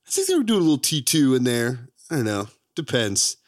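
Guy on a movie podcast, laughs a lot, voice shoots way up when he gets worked up. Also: fairly quick. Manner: animated, laughs often, pitch jumps high for emphasis. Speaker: podcast co-host. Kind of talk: casual movie chat.

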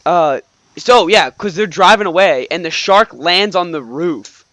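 A man co-hosting a podcast in casual chat, animated, jumping in with quoted movie lines over a video call. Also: high voice, a little slow, dry recording. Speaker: podcast co-host.

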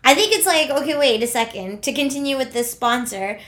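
A woman's voice: sits high, animated, a little fast, a bit bright. A woman from Canada co-hosting a podcast in casual chat, giggling often and filling her talk with "like" and "um". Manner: giggly, frequent fillers like "like" and "um". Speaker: podcast co-host.

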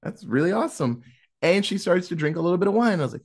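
A man's voice: sits high, quick pace, husky. A man casually retelling a film's plot, acting out the characters' lines as he goes. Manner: animated storyteller who acts out quotes. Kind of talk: casual film recap storytelling.

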